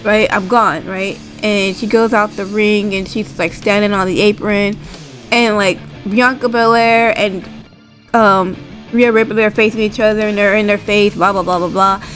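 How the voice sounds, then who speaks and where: A woman's voice: mid-range voice, flat delivery, normal speed, a bit bright, faint music behind, low-quality recording. A woman casually recapping a wrestling show, rambling and tagging her sentences with "like" and "right?". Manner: rambling, full of "like" and "right?" tags.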